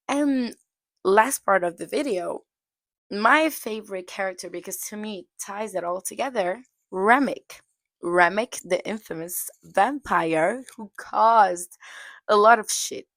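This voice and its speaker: A woman's voice: mid-range voice, creaky, dry recording. A young woman giving a casual, chatty film review, full of "like" fillers. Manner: chatty, heavy use of "like" fillers, occasional laughs. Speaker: movie reviewer.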